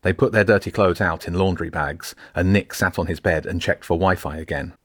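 A man reading his own novel aloud as an audiobook, in a measured, steady way. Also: sits low, dry recording, studio quality. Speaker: author reading own book. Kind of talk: audiobook narration.

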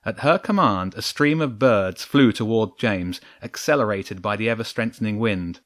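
A man with a fairly low voice narrating a storybook, steady and measured in his delivery. He reads scripted prose with even control through the action. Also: no echo, clean studio sound.

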